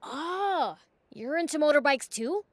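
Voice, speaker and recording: A woman's voice: high-pitched, animated, a little slow, no echo. A woman voicing a young male demon prince who loves motorbikes, speaking in a direct, curious way in a video game.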